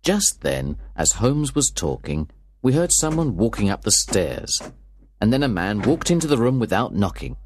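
A man narrating a story for an audiobook in a clear, expressive reading style. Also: lowish voice, normal speed, slight background noise.

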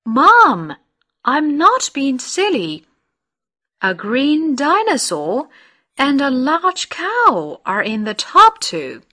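Woman reads an imaginative little boy in a storybook, bright and very slow. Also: high-pitched, huge pitch swings, exaggerated voice. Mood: pleading. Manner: slow, clearly read storybook lines. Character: young boy Harry, insistent and imaginative.

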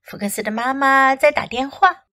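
Bright, expressive storytelling teacher woman. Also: sits high. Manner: slow, expressive read-aloud. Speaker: English teacher. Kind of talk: bilingual storybook reading.

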